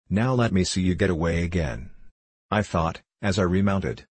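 Deep, husky male audiobook narrator. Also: a little mellow, no echo. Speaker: audiobook reader. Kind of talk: scripted narration of a classic travel memoir.

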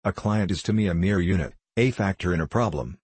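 A man reading the part of a cool, reasoning detective, with a precise, measured, detached delivery. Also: low voice, darkish tone, husky, no room sound. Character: cool, reasoning male detective, middle-aged.

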